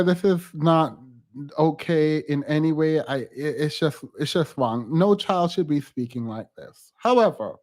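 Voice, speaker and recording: High-voiced man doing blunt reaction commentary. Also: darkish tone. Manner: blunt, critical, with scoffing asides. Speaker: host.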